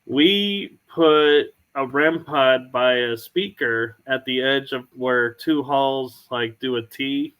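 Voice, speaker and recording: A man hosting a podcast, telling stories in a casual, unhurried way. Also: medium pitch, fairly bright tone, clear, resonant tone. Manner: storytelling, unhurried. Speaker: podcast host. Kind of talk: casual chat.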